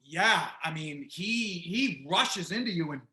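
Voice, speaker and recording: A man's voice: high-pitched, expressive, slow, pushed and bright, reverberant, a little hiss or hum. A man narrating as game master of a tabletop game, describing action with restarts and laughing along.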